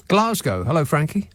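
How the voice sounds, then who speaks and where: A man's voice: a little high, a bit bright, no echo. Sarcastic male talk radio host. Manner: sarcastic, exasperated asides. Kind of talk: late-night talk radio chat. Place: radio studio. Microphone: studio microphone.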